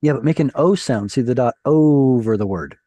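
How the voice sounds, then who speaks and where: A man's voice: medium pitch, animated, normal speed, mellow, no echo. A man teaching Hebrew in a live online reading class, patiently explaining and correcting pronunciation. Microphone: video call.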